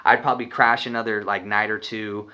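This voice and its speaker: A man's voice: on the low side, level tone, brisk, bright, forceful tone, clear, resonant tone, highs cut off. A young man from Arizona telling a personal story in a rambling, profane, casual way. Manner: profane, rambling, laughs when nervous.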